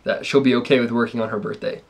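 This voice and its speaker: A man's voice: medium pitch, little pitch movement, fast. A young adult man casually telling a story on a vlog, laid-back and rambling with lots of ums. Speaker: vlogger's fiancé.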